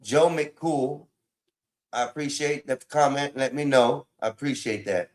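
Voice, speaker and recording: A man's voice: mid-range voice, unhurried. Man livestreaming on his phone, casual chat, exasperated, swears a lot. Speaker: livestream host.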